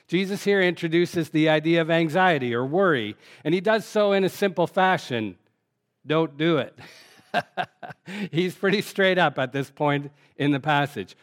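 An older man as a pastor giving a relaxed, conversational sermon, reading scripture and explaining it with frequent fillers. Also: fairly high pitch.

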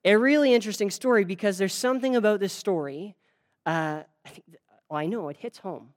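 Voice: medium pitch, fairly quick. A preacher giving a sermon in a conversational way, telling a folk tale and addressing the audience directly, with frequent restarts and fillers. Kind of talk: sermon with storytelling.

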